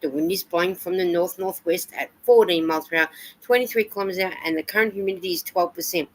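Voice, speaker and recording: A woman's voice: on the low side, fast talker, poor audio. An Australian woman hosting a live stream, chatting casually and reading out viewer comments and weather reports. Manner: chatty, reads comments and weather aloud with fillers.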